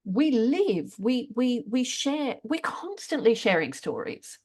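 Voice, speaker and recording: A woman's voice: on the high side, sing-song, a little mellow. Brief: female podcast host, conversational, starts and restarts her thoughts. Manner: halting, restarts while framing questions. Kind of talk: conversational interview.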